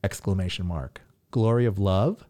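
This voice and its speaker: A man's voice: deep voice, normal speed, dark tone. A man co-hosting a podcast, teasing and quizzing his partner in casual chat. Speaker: podcast co-host.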